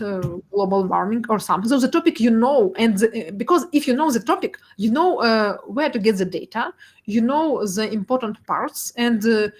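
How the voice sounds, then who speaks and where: A young woman giving a presentation talk, laughing often and emotional, with many fillers and restarts. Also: medium pitch. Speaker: guest speaker, data artist.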